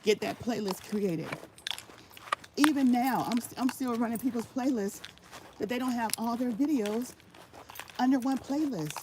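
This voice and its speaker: Walking laps while she vlogs, a woman with a slightly high voice speaks at a measured pace and leaves long pauses. She offers channel tips in casual motivational talk, stressing her advice emphatically through repetition, over a noisy background.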